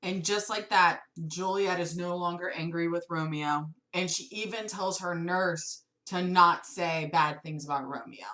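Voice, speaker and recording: A woman's voice: fairly low pitch, unhurried, hardly any pauses, bright, forceful tone. A woman teacher explaining a play to students in a plain, conversational way.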